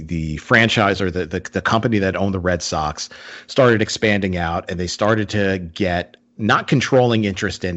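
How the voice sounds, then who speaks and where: Low-voiced man chatting, lo-fi sound. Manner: rambling with many fillers and restarts. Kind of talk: casual chat.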